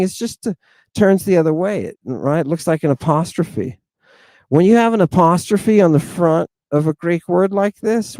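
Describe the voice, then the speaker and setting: Man, casual lecturer, higher pitch, warm dark tone, dry close recording, profane and animated. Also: no room sound. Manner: animated, swings between loud and muttered asides; profane, chatty, keeps asking "right?". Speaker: teacher. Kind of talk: casual lecture on ancient Greek.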